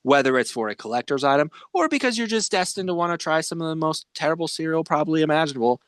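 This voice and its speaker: A man's voice: on the high side, expressive, fast, clean tone, no room sound, studio quality. A man hosting a podcast, chatting casually and rambling with many fillers. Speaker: podcast host. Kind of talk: casual chat.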